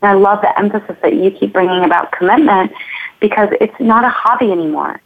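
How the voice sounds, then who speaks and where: A woman's voice: mid-range voice, quick pace. Earnest woman on a tinny line. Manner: earnest, flowing, repeats phrases. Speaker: guest, movement teacher. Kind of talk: reflective conversational interview.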